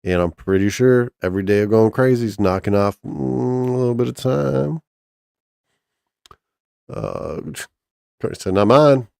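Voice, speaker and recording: A man's voice: mid-range voice, unhurried, gravelly, pauses often, mellow, smooth, no echo, clean studio sound. A man casually chatting on a stream, rambling and joking crudely with lots of restarts. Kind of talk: casual profane chat with chat and co-host.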